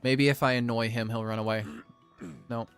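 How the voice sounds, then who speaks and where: A man's voice: medium pitch, fairly even intonation, normal speed, soft background music. A young man giving casual, jokey let's-play commentary, self-deprecating with theatrical outbursts, as a gaming video creator.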